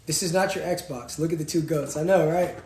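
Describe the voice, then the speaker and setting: A young man, co-hosting a casual live-stream chat in an animated, slangy way. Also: fairly quick. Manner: animated, slangy, jumps from loud to low. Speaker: podcast co-host. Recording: roomy echo, faint noise.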